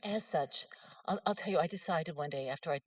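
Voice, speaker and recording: A woman's voice: low voice, brisk, no echo, recorded from a distance. A middle-aged woman, telling humorous, self-mocking stories in an author's talk. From West Virginia. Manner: folksy, self-mocking storyteller.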